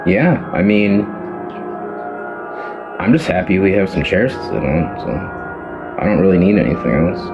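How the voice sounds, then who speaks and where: A man guest in a comedy podcast, wry and rambling with deadpan complaints. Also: low voice, normal speed, pauses often, muffled recording. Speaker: podcast guest, host's brother. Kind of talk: comedy sketch and casual chat. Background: background music.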